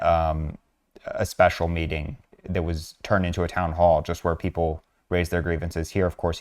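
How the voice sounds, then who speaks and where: Low, flat-voiced man with frequent fillers. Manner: earnest, measured, with frequent fillers. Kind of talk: narrated screen walkthrough.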